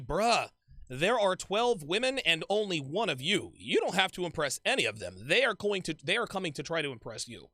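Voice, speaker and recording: Male show host, high bright voice with gravel, dry close sound, loose profane reaction commentary. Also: brisk, no room sound. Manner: animated, profane, repeats himself.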